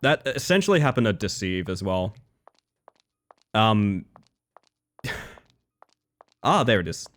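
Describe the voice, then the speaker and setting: A man's voice: lowish voice, big pitch swings, slow pace, pauses often, a bit bright. An Australian man streaming a game, chatting casually with his viewers and often breaking off and restarting his sentences. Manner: rambling, self-interrupting, casual swearing. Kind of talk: casual live-stream chat.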